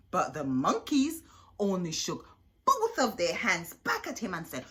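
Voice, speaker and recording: A woman reading a picture book aloud to children in an animated way, stopping to ask her young listeners questions. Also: mid-range voice, a little slow. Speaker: children's storyteller.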